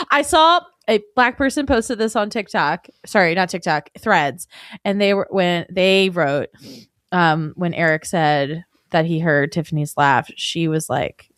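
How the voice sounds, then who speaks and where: A woman's voice: on the low side, dry recording, clean studio sound. A young woman co-hosting a casual podcast, agreeable and chatty, backing up her co-host often. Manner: agreeable, many short backchannels. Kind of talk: casual chat recapping reality TV.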